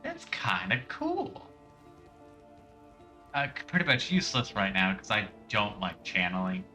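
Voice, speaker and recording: A man's voice: sits low, lively intonation, a little fast, pushed and bright, faint music behind. A man streaming a game, talking casually and rambling off on tangents. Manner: rambling and tangent-prone, heavy use of "like". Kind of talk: casual gameplay commentary.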